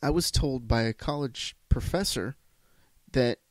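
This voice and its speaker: Alone on his podcast, a man rants bluntly, cursing heavily and restarting his sentences as he rambles. His mid-range voice is a little slow, and there's no room sound.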